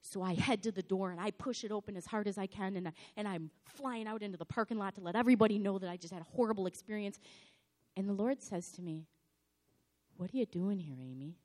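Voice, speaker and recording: A slightly hoarse woman pastor giving a sermon in a dramatic, animated storytelling manner. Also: mid-range voice, fast.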